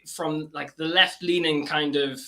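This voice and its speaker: Man from northeast England, guest on a call, trained stage diction, very bright, slightly high voice. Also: steady tone, measured pace. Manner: drama-trained careful diction, hedges with fillers. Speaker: activist guest. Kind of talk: casual interview chat. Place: remote video call.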